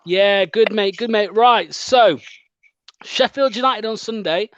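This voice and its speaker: A man's voice: sits high, slow pace, no room sound. A man hosting a fan channel's live stream in casual, chatty conversation, laughing often. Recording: dull lo-fi dry stream audio.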